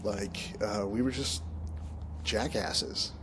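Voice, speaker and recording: A man from Oregon, a minister and contractor, chatting casually as a guest in an interview, relaxed and rambling, often laughing. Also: on the low side, takes it slowly, background noise. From Oregon, United States.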